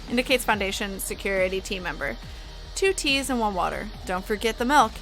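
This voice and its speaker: A woman's voice: mid-range voice, animated, moderate pace, fairly bright tone, soft background music. A young woman streamer casually reading horror files aloud, stopping to chat and comment. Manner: chatty, breaks off to comment and laugh.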